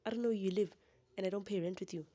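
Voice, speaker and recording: Young woman, vlogger, candid monologue, blunt, defiant, laughs often, warm voice, medium pitch. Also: steady tone, racing, a little hiss or hum.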